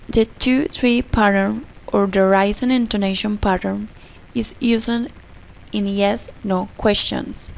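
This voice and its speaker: Woman, pronunciation lesson read aloud, gravelly voice, careful example words. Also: medium pitch, fairly even intonation, takes it slowly, low-quality recording. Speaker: student presenter.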